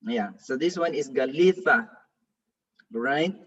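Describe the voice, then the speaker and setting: A man teaches a reading class as a pastor, patiently repeating words for his students. His slow, slightly husky voice comes from a distance. The recording sounds dull and lo-fi. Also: mid-range voice. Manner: patient, drills pronunciation with repeated examples. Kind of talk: classroom lesson.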